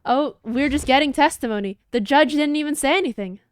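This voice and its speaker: A young woman streaming a game, making sarcastic, quick, casual asides. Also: high voice, dry recording, clean studio sound.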